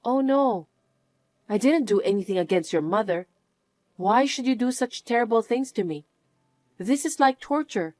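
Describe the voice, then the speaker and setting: An actress playing a wronged young wife who answers with cool, firm defiance. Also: female voice, fairly high pitch, animated, normal speed, long pauses, darkish tone, no echo, lightly acted. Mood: upset. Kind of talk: narrated drama acting.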